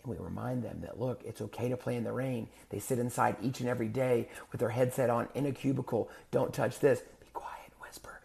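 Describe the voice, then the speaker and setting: Middle-aged male life coach, gravelly timbre, earnest and rhetorical, motivational monologue. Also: mid-range voice, steady tone, quick pace, few pauses, darkish tone. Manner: earnest, repetitive, rhetorical questions.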